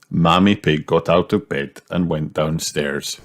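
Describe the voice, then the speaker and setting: A man reading a children's storybook aloud with an expressive storytelling lilt. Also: rumbling low, unhurried, few pauses, a little hiss or hum. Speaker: narrator.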